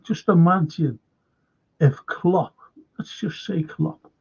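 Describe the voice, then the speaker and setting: Speaking slowly with vocal fry and a breathy edge, this fan channel host talks forcefully to viewers by name on his live show, going over points repeatedly and cursing. His pitch is fairly high, and the recording is dull and lo-fi.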